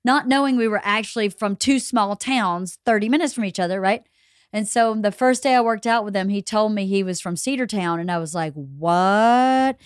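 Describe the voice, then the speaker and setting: A woman from Georgia with a Southern Appalachian accent, hosting a casual podcast chat and talking loudly and emphatically. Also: medium pitch, fairly quick, clean tone, no room sound, clean studio sound. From Georgia, USA. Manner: loud, emphatic, gets louder when excited. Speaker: podcast host.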